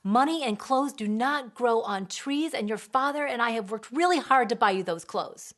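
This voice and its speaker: A woman acting out a fed-up mother who scolds her child. Her voice is raised and emphatic, and she leans hard on each word and sometimes slows right down to make her point. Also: a little high, pitched above the performer's own voice, close to an everyday voice. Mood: exasperated.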